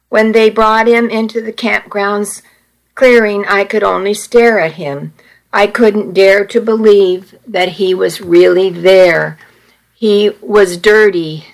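A woman tells a first-person story in an audiobook, in a measured, earnest way. She reads slowly, her pitch sitting in the middle range. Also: low-quality recording. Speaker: narrator.

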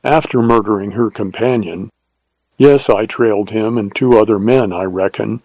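A man's voice: lowish voice, moderate pace, darkish tone, husky, no echo, rough recording. Man voicing a cool, terse Texas Ranger.

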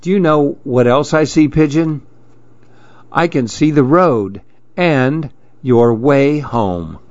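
A man voicing a curious, dreamy male mouse in a storybook reading, with a soft, wondering way of talking. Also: mid-range voice, expressive, takes it slowly, no echo, lo-fi sound. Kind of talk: storybook read-aloud.

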